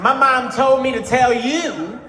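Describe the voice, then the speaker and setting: A man doing a stand-up routine, telling a loud story and shouting insults. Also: very high voice, unhurried. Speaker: stand-up comedian. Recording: echoey room with loud noise.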